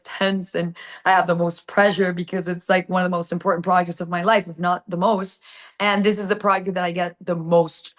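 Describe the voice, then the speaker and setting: A woman with a Latin American Spanish accent, a native Spanish speaker, telling stories animatedly in an interview and acting out quotes. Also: fairly low pitch. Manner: animated storytelling with acted-out quotes. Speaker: actress guest. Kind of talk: casual interview answers.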